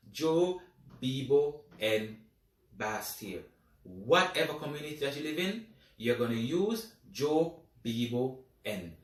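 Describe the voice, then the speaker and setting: A man teaching a beginners' language lesson, talking slowly and deliberately and repeating each phrase for practice. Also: mid-range voice, a bit bright. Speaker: Spanish teacher. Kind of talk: slow lesson narration. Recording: echoey room, voice a bit far from the mic.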